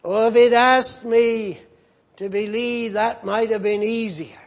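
A desperate father in anguish, crying out and pleading in a broken voice, pitched well above his own speech, as a preacher acts him out. The words come very slowly, dragged out one by one. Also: fairly even intonation, gravelly, full character voice.

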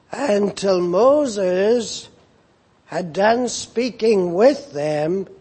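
Slow, husky-voiced male preacher. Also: high voice, darkish tone. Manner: slow, deliberate, repeats phrases for emphasis. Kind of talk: sermon, Bible exposition.

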